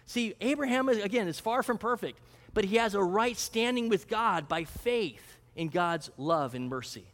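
High-voiced pastor preaching in a hall. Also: male voice, lively intonation, moderate pace, a bit bright. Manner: conversational, asks questions and answers them; acts out prayers and a mock auction. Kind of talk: sermon.

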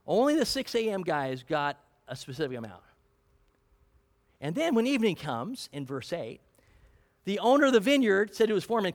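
Rich: A male preacher with a high, animated voice that leaps up and down. He talks through his sermon casually and keeps quizzing the congregation. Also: moderate pace, long pauses. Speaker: pastor.

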